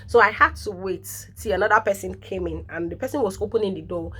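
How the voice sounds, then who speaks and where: A Nigerian woman in her thirties, a nurse, telling animated stories in a casual vlog, laughing often and dropping in pidgin interjections. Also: mid-range voice, fast, a little hiss or hum. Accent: Nigerian English.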